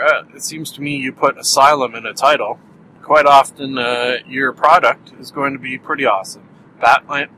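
A man's voice: mid-range voice, sharp tone, slight background noise, poor audio. A Canadian man hosting a podcast, rambling through a solo review chat and laughing at his own jokes. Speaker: podcast host.

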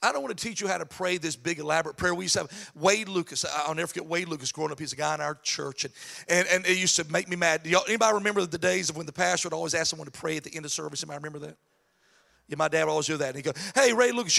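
A man preaching a lively sermon, swinging from shouted, chanted lines to soft asides. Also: high voice, gravelly. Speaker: pastor. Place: church sanctuary.

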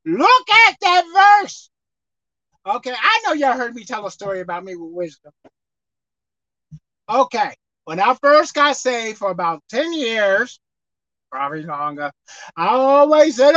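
High-pitched woman preacher, lively and bright, on a muffled recording. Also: measured pace, no room sound. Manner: animated, acts out pleading prayers, calls out to listeners. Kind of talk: sermon.

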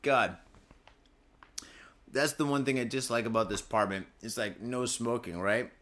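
A man's voice: medium pitch, moderate pace, fairly bright tone. A man hosting a casual podcast, drinking as he talks, rambling in a laid-back and profane way and reading out news stories. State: drinking booze while talking. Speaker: podcast host.

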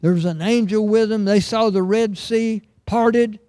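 A man's voice: high voice, steady tone, unhurried, warm tone, no echo, studio quality. A middle-aged man preaching a sermon, earnest and emphatic, reading scripture aloud.

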